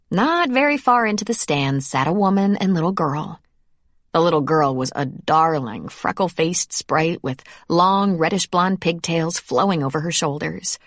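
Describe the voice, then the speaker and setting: A woman narrating a romance audiobook in a measured, even way. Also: lowish voice, no room sound, studio quality. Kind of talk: scripted narration.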